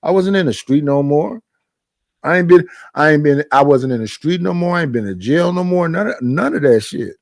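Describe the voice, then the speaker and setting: A man's voice: fairly high pitch, moderate pace, creaky, no room sound, studio quality. A middle-aged man hosting a casual live-stream chat, telling stories emphatically with lots of repetition. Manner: emphatic, animated storytelling with frequent repetitions. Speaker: stream host.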